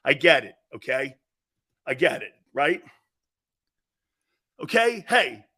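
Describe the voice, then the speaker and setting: A man's voice: a little high, very animated, slow, sharp tone. A man hosting a sports talk show, ranting with emphatic, combative opinions and repeating himself for emphasis.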